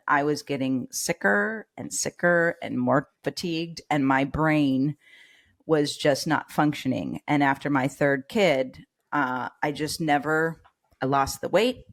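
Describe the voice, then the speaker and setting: Woman telling a personal story with animation. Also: low voice. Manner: animated storytelling with quoted voices. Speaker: guest, nurse and educator. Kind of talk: personal story in a podcast interview.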